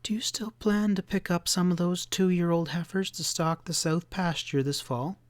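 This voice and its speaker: A man's voice: on the high side, normal speed, darkish tone, no room sound, lightly acted. A man voicing a determined, prim ranch wife in a western audiobook, speaking firmly and insistently. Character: determined ranch wife, middle-aged woman. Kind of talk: audiobook character voice.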